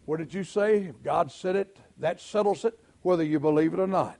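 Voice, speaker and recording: Southern preacher man, folksy, high voice with a gravelly edge, shouts at the big parts. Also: fairly quick. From Southern United States. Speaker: pastor. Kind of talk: sermon.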